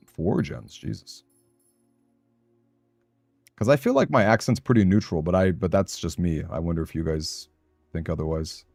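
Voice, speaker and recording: A man with a Southern Californian accent and a low, slightly mellow voice chats casually and ramblingly with his live-stream audience while playing a game, answering chat aloud. The sound is clean studio quality with no echo.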